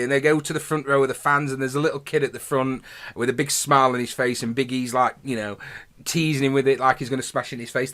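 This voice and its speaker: A man in his thirties hosts his own podcast, delivering a casual solo review in a chatty, rambling and enthusiastic way. His voice is mid-range and a bit bright.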